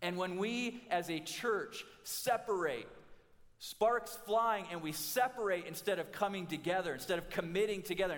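Brief: male pastor, 40s, fairly high voice, animated and humorous sermon, long hall reverb. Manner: animated storytelling with humor and restarts.

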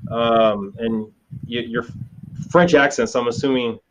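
A man hosts an interview and asks probing questions, with repeated stumbles while he works out each one. His voice is mid-pitched. It sounds dull and lo-fi. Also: a little slow. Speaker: interview host. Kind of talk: casual interview.

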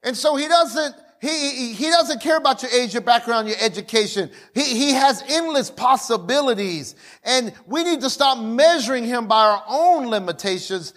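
Casting: a fiery male pastor with a very high voice, shouting his sermon. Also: animated, normal speed, few pauses. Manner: fiery, calls for audience response, often shouts.

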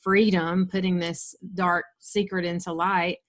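A woman's voice: fairly low pitch, little pitch movement, a little slow. A woman interviewing a guest, encouraging her and asking open questions. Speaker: interviewer and coach. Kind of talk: casual interview.

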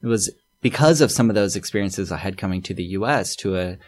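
A man speaking as an anthropologist guest in a relaxed interview, thoughtful and hesitant with many fillers and restarts. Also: low-pitched, fast. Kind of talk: casual interview talk.

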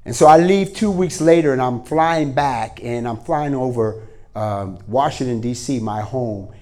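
A man preaching a sermon to a congregation in a church, moving from quiet prayer to energetic storytelling. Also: medium pitch, unhurried. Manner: starts with hushed prayer, then lively storytelling with voiced characters. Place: church hall before a congregation.

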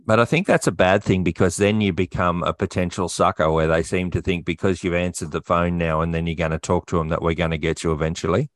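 Deep-voiced Australian man, casual storyteller. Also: steady tone, fast talker, few pauses, no echo, clean studio sound. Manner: rambling storyteller, frequent fillers. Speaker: podcast co-host. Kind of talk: casual chat.

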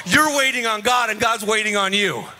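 A man gives a rousing, joke-filled sermon on a conference stage, his high-pitched voice pushed and bright at a moderate pace. He uses a sing-song delivery and calls to the crowd again and again.

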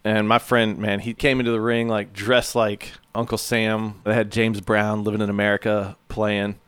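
A man co-hosting a podcast, telling a tall tale in a laid-back, deadpan way and chuckling between lines. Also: on the low side, normal speed, clear, resonant tone, dry recording. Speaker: podcast co-host. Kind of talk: casual chat, deadpan tall-tale storytelling.

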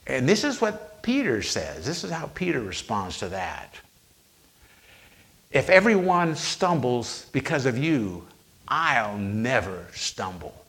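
A man preaching a sermon, retelling scripture with slow, emphatic pauses on quoted lines. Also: medium pitch, wildly swooping pitch, gravelly, fairly bright tone.

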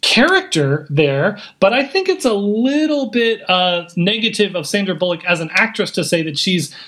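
High-voiced man making a measured argument. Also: sing-song, fairly bright tone. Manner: measured, polite, builds a reasoned counterargument. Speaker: podcast co-host. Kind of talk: casual debate.

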